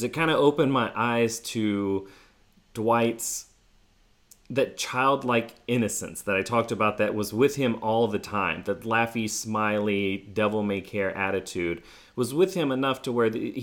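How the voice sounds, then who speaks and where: A lower-voiced man tells a story in a loose, rambling way. He leans on fillers like 'like' and often restarts his sentences. It sounds like relaxed, unscripted storytelling. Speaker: former team staffer telling a story. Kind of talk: casual storytelling.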